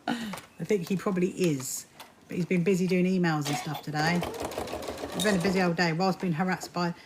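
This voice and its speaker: A woman chats away on a home sewing live stream, greeting viewers by name. Her voice sits a little low. A faint hum runs behind her. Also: normal speed. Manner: chatty, greets viewers, laughs often. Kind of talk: casual live stream chat.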